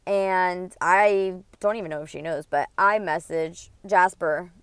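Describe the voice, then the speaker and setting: An indignant woman in her thirties vents a personal story on her podcast, cursing freely as she rambles from one grievance to the next. Her voice is smooth and clear, and the recording is close and dry. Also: fairly low pitch, a little slow, fairly bright tone, dry recording. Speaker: podcast host.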